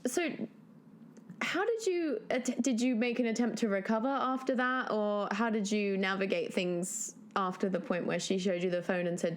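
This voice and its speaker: A young woman co-hosting a podcast in casual chat, with a dry, deadpan, teasing way of talking. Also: mid-range voice, normal speed. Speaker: podcast co-host.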